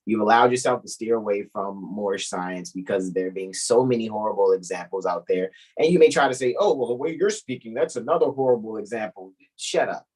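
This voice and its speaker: A man's voice: lowish voice, brisk, few pauses, darkish tone, husky, poor audio. A man co-hosting a casual podcast chat, blunt and profane with a preachy edge. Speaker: co-host.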